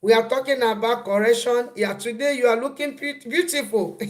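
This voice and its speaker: A woman's voice: on the high side, normal speed. Woman, live-stream host; casual, repetitive chat with frequent greetings to viewers. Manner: repeats phrases, greets viewers mid-talk.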